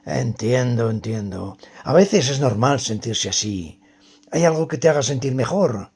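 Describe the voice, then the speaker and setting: A man reading a scripted dialogue as a calm, friendly man who reassures a friend. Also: medium pitch, normal speed, slightly rough. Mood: supportive. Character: friendly adult man chatting calmly.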